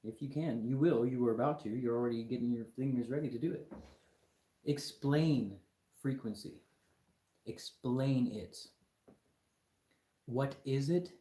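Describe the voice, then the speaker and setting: A man's voice: mid-range voice, measured pace, pauses often, mellow, reverberant. A young man hosting a live stream, lecturing his chat viewers in an argumentative, mocking way. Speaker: livestream host.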